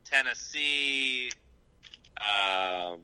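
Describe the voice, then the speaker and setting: A man co-hosting a podcast, chatting in an animated, joking way. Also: medium pitch, very slow, clear, resonant tone, poor audio. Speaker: podcast co-host. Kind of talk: casual chat.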